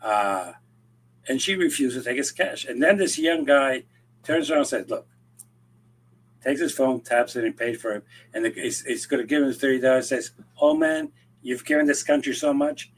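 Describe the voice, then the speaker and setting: A man, mid-pitched for a man, co-hosting a podcast in loose conversation. He tells his stories with animation, slipping into the voices of the people he quotes, and often restarts a phrase partway through. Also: moderate pace, slightly rough. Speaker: podcast co-host. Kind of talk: casual chat, storytelling.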